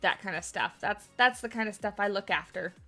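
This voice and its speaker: A woman's voice: mid-range voice, fairly quick, sharp tone, faint music behind. A woman hosting a game livestream, chatting casually with her viewers, answering their questions and laughing often. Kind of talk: casual livestream chat while building in a game.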